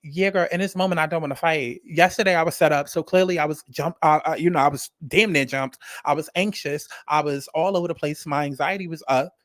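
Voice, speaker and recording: A man's voice: on the high side, brisk, hardly any pauses, fairly bright tone, no echo, clean studio sound. A man giving a casual, rambling reality TV review, talking animatedly and profanely and repeating himself for emphasis. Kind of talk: casual commentary rant.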